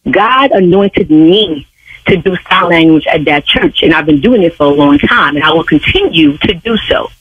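Church interpreter, female, stern and preachy, husky and animated over the phone. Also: low-pitched, normal speed, no room sound, narrow, tinny audio. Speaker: church sign language interpreter, prank victim. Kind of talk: heated phone argument. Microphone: phone line.

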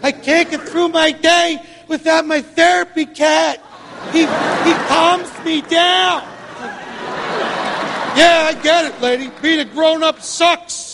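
A man's voice: very high voice, steady tone, takes it slowly, gravelly, fairly bright tone. A man doing a stand-up routine, ranting in an exasperated way in front of a live audience. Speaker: stand-up comedian. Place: comedy venue with live audience. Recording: reverberant club with crowd noise.

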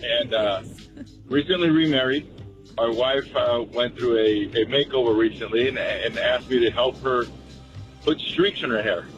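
A man who works as a mortician, calling in to a radio show and telling a story in a halting way. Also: mid-range voice, highs cut off, faint music behind. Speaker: caller, a mortician. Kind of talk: casual anecdote.

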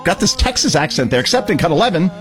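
A man's voice: fairly high pitch, big pitch swings, fast, soft background music. A man hosting a political talk radio show, sarcastic and opinionated, cueing clips.

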